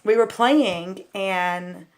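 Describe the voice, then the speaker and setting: A woman's voice: mid-range voice, drawn-out words. A woman telling childhood stories to her viewers in a casual, rambling way, full of "like" and "um". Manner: chatty and candid, talks straight to viewers. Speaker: vlogger. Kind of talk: casual storytelling.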